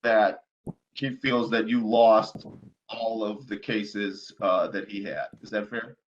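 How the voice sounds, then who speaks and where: A man's voice: on the low side, fairly even intonation, takes it slowly, highs cut off, a little hiss or hum. A man cross-examining a witness in careful, hedging legal questioning, often rephrasing himself.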